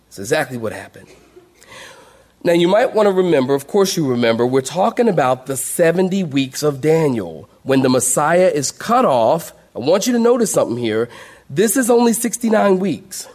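A man preaching a sermon as pastor, emphatic, swinging between loud declarations and quiet asides to his congregation. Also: a little high, very animated, normal speed. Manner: emphatic preaching, rising and dropping sharply, addressing the congregation.

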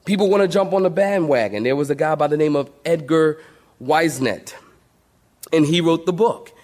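A man's voice: on the high side, normal speed, a little mellow. A male pastor preaching a sermon to a congregation, emphatic, calling out to the saints for responses.

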